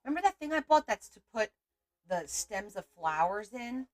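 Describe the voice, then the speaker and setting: A woman's voice: a little high, sing-song, normal speed. A middle-aged woman hosting a casual livestream, chatting in a rambling way and greeting viewers by name. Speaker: livestream host.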